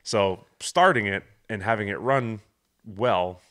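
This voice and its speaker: A man with a low voice tells a story in loose, casual conversation. He laughs easily and acts out the sounds and moments he describes. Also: takes it slowly, fairly bright tone. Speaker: podcast host. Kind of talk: casual chat.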